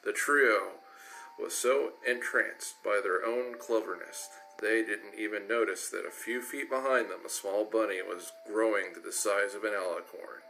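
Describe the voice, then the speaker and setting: A man's voice: lowish voice, unhurried, gravelly, bright, forceful tone, a little hiss or hum, rough recording. A man giving a casual cold reading of a story aloud, often stumbling and correcting himself. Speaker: reader.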